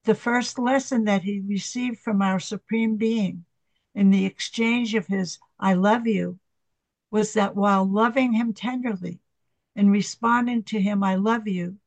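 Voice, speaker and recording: A reader voicing Jesus as a tender divine father speaking to a devotee, in a slow, gentle, reverent reading. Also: medium pitch, no echo, close to an everyday voice.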